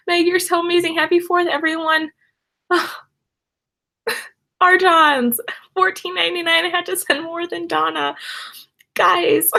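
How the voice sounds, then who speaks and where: A woman's voice: fairly high pitch, vocal fry. A young woman hosting a casual live stream from home, gushing with thanks as she reads out viewer messages. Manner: gushing and effusive, many thanks and soft laughs.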